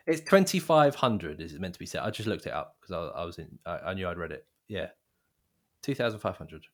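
A man co-hosts a casual podcast and chats in a low voice. His pitch swings up and down a lot as he talks. He cracks dry jokes and laughs easily. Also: big pitch swings, brisk. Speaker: podcast co-host. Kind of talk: casual chat.

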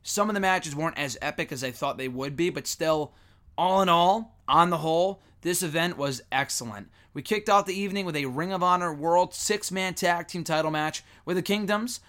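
A man with a somewhat high voice gives a casual spoken review, rambling and opinionated. He jumps around as he talks, often swinging up in pitch when something excites him. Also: brisk, hardly any pauses. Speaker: wrestling commentator.

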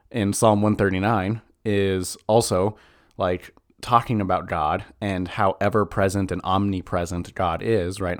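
A man reading scripture aloud and then talking it over loosely in a relaxed, chatty way. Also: sits low. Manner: reads scripture slowly, then chats loosely with laughs and slang. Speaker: Bible teacher. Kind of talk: casual Bible study talk.

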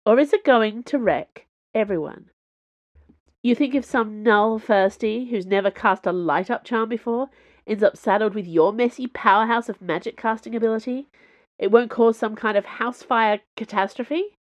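A blunt, scolding young woman mage in a storybook reading, as the reader raises her voice a little. Her tone sits a touch higher than the narration, and the sound is close and dry with no room around it. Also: normal speed, no echo, lightly acted. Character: sharp-tongued young woman student mage.

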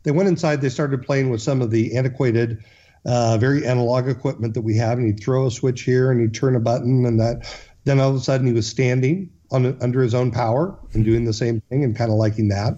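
A man's voice: mid-range voice, steady tone, fairly quick, dark tone, lo-fi sound. A man, a guest in an interview, telling a long story earnestly, with frequent restarts and fillers.

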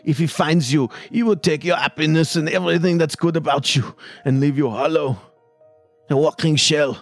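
A man's voice: a little high, normal speed, soft background music, voice pushed up, natural voice. Man doing a frantic paranoid recluse. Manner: frantic, raving warnings. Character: frightened paranoid man behind a door.

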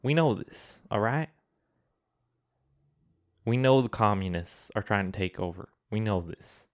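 A man's voice: on the low side, expressive, unhurried. A man hosting a casual podcast, ranting satirically in a put-on Southern accent into a close mic. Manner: mock-ranting, over-the-top satirical persona. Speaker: podcast host. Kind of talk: casual comedic podcast chat.

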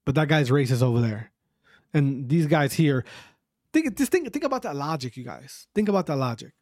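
A man's voice: on the high side, very animated, moderate pace, darkish tone, no echo, studio quality. A man hosting his own podcast, speaking in an emphatic, repetitive and profane rant. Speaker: podcast host.

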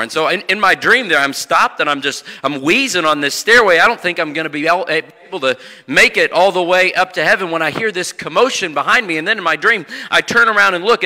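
A man's voice: high-pitched, sharp tone. A man in his thirties, a guest preacher telling humorous stories in a sermon, talking in a folksy way with fillers and restarts. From Indianapolis area. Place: church sanctuary. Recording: long church hall reverb.

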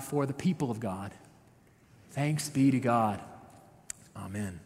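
A man's voice: medium pitch, slow pace, long pauses, darkish tone. A man, a pastor, giving a conversational sermon, retelling a story with frequent "right?" asides. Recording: long reverb of a large hall.

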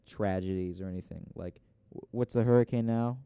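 A man's voice: low-pitched, brisk, vocal fry, warm tone, clean tone, no room sound. A man co-hosting a casual podcast, rambling with lots of fillers and swearing. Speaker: podcast co-host.

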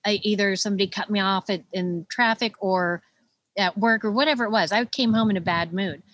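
Animated middle-aged woman telling stories. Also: medium pitch, fairly quick, dry recording. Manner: animated storyteller, laughs often. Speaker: children's book co-author. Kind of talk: casual conversation.

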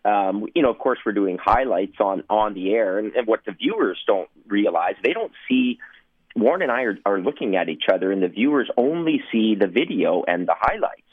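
A man's voice: on the low side, animated, normal speed, breathy edge, dry recording. A man, a former sportscaster, telling anecdotes in a rambling way, with lots of fillers and laughing through his stories. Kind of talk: anecdotal storytelling. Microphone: phone line. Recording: tinny phone line.

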